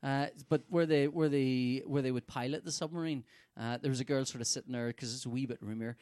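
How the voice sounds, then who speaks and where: A man, telling travel stories in casual podcast chat, animated and sweary. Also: mid-range voice, a little fast, clear, resonant tone, dry recording, studio quality. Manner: sweary, animated storyteller, laughs often. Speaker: podcast co-host.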